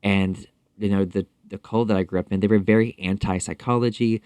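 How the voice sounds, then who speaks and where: A man's voice: fairly low pitch, steady tone, darkish tone, smooth, dry recording. A man speaking as a podcast guest in a casual interview, talking thoughtfully with frequent fillers and restarts. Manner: thoughtful, halting, many fillers.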